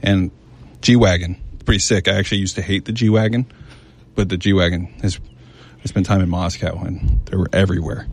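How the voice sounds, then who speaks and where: A man hosting a casual radio show in a studio, talking in a self-described monotone way. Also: deep voice, normal speed, vocal fry, slightly rough. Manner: calls himself monotone, laid-back delivery. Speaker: radio host. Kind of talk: casual on-air radio chat. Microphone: studio microphone.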